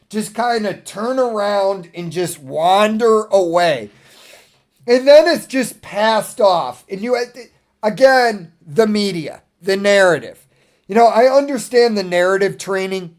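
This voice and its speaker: Male streamer, high voice, slow drawl, swearing, laughing, exasperated. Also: darkish tone. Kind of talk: casual ranting monologue.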